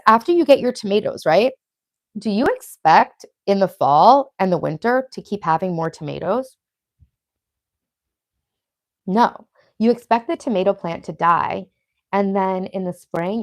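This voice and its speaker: A woman's voice: mid-range voice, moderate pace, no room sound. Long island woman in her late 30s doing a live stream, swears a lot, chatty, dry close sound. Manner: chatty, profane, reads viewer comments aloud. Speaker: livestream host. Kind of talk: casual live stream chat.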